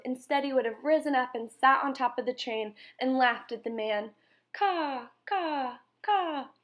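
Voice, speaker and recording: A woman reads a children's novel aloud in a measured, expressive way. Her voice sits a little high for a woman. She reads calmly and clearly. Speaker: reader. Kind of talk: storybook read-aloud.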